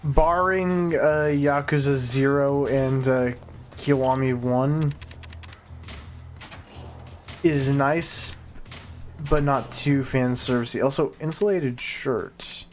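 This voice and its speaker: A man's voice: medium pitch, slow, faint music behind. A man live-streaming a video game, casually thinking aloud as he plays. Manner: relaxed, thinking aloud while playing.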